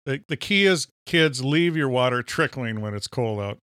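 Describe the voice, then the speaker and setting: Minnesotan male co-host, deadpan joker, smooth resonant voice, close dry mic. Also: medium pitch, normal speed, dry recording. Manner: jokey, deadpan asides. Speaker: podcast co-host. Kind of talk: casual banter.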